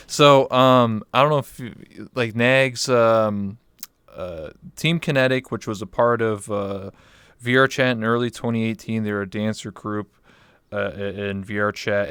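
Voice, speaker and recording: A man's voice: fairly low pitch, steady tone, normal speed, a bit bright, clean tone, dry recording. A man from Canada hosting a casual streamed interview, rambling with lots of fillers. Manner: rambling, filler-heavy, laughs easily. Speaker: interview host.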